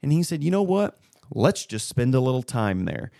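A man in his thirties co-hosting a casual faith chat, retelling a conversation as a story with animated bursts. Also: mid-range voice, moderate pace, gravelly, dry recording, studio quality. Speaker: podcast co-host.

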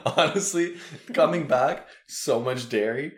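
A man's voice: mid-range voice, a little slow. A man co-hosting a casual chat, bantering, swearing freely and laughing along.

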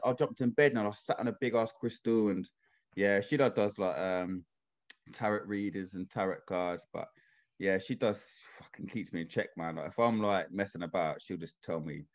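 In this casual chat, a man with a fairly low-pitched voice swears often and repeatedly checks whether he's understood with "do you know what I mean." He's chatty, and the highs in the audio are cut off.

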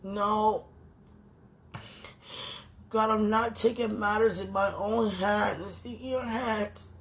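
A tearful woman in an emotional spoken prayer, pleading in halting, repeated phrases. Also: mid-range voice, fairly even intonation, breathy edge.

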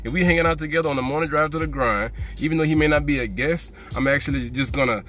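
A man's voice: fairly high pitch, fast, fairly bright tone, faint music behind. A man hosting a motivational podcast, preachy and fired up, repeating phrases for emphasis. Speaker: podcast host.

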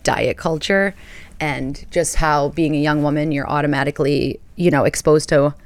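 A woman's voice: deep voice, no room sound. A woman in her thirties from the United States hosting a podcast, chatting casually and telling stories with playful asides. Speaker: podcast host. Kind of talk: casual chat.

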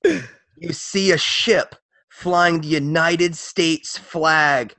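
Bright-voiced male game master. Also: fairly high pitch, very slow, gravelly, no echo. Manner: casual, rambling narration with many fillers. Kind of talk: narrating a tabletop game.

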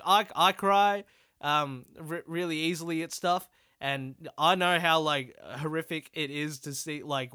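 A young Australian man rambles through a solo comedy podcast, swearing freely and poking fun at himself. His voice sits a little high for a man and sounds bright and clean. It is recorded close and dry. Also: clear, resonant tone, dry recording. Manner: rambling, sweary and self-deprecating. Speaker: podcast host.

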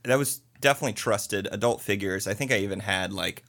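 A man chatting on a casual podcast. He rambles and leans on filler words. His voice sits a bit low. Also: a little fast, vocal fry, a bit bright. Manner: rambling, many likes. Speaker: podcast co-host.

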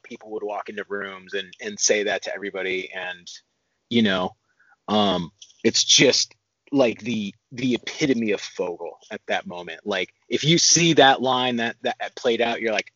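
A man's voice: fairly low pitch, normal speed, fairly bright tone, muffled recording. A young man co-hosting a casual film discussion podcast, thoughtful and analytical, with frequent ums. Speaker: podcast co-host.

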